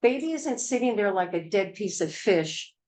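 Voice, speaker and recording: A woman's voice: medium pitch, sing-song, normal speed, a little mellow, rough recording. Blunt, emphatic woman teaching childbirth. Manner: blunt, emphatic and hard-hitting. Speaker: childbirth educator.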